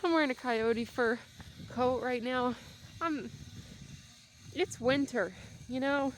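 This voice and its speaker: A woman's voice: sits high, slow, slight background noise. Chatty young woman rambling on a walk. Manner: rambling, chatty, jokey asides. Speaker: vlogger. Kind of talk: casual walking vlog. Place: outdoors on a cold winter walk.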